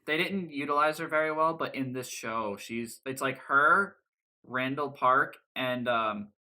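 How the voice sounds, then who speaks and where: A man's voice: medium pitch, a little slow, bright, forceful tone. A young man co-hosting a podcast, talking loosely and emphatically and swearing casually. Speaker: podcast co-host. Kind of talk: casual chat.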